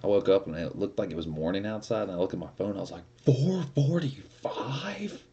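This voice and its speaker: Young male streamer, low dark voice, profane and rambling casual chat. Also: very fast, creaky, lo-fi sound, a little hiss or hum. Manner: rambling, profane, laughs often.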